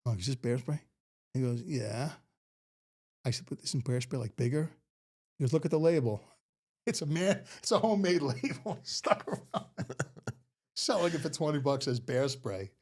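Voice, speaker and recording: A middle-aged man tells a story in an easy, chatty way. He laughs often and jumps into the voices of the people in his tale. His pitch swings widely as he goes. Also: moderate pace, long pauses. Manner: animated, laughing often, acts out quoted voices. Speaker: podcast guest. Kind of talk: casual storytelling.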